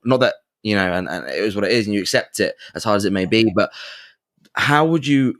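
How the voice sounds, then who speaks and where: A man hosting a podcast asks earnest, careful questions, stumbling over his words now and then. His voice is fairly low. The recording is close and dry. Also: expressive, a little fast, fairly bright tone, dry recording. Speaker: podcast host. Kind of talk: interview questions in casual chat.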